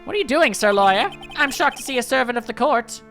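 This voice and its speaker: A woman voicing a pompous, showy gentleman detective in a fan voice-over of a game, theatrical and grandiose. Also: fairly high pitch, lively intonation, fast, faint music behind.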